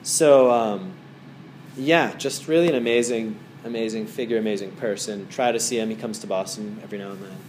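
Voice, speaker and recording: A man's voice: on the low side, fairly quick, a little mellow, slight background noise. A man giving a casual talk as a meditation teacher to a small group in a wellness center, rambling through stories with many fillers.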